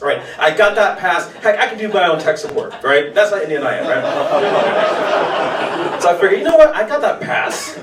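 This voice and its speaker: A man's voice: a little high, a bit bright. An American man in his thirties doing a stand-up set in a restaurant, loose and punchy with casual swearing. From United States. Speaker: stand-up comedian. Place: restaurant showcase stage. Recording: echoey room from far off, light noise.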